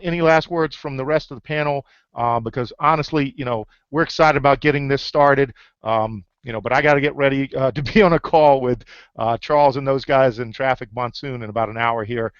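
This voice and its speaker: A man's voice: medium pitch, clean tone, no echo. A man hosting an online group call, pushing listeners to act with upbeat rallying talk and many fillers. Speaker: host of an online leaders' hangout. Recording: dull lo-fi call audio.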